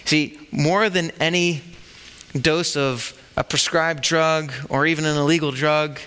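A man's voice: a little high, pushed and bright, clean tone. A man preaching a sermon at a church service, talking conversationally and asking the congregation rhetorical questions. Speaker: pastor.

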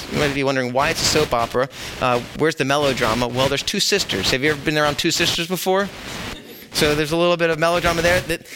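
A man's voice: fairly high pitch, noisy background. A middle-aged man preaching a sermon in a conversational, joking way, talking straight to the congregation. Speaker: pastor.

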